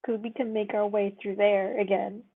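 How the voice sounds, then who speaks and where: Female player, tinny phone-like sound, halting casual speech. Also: mid-range voice, little pitch movement, breathy edge. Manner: halting, restarts, laughs easily. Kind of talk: casual tabletop play.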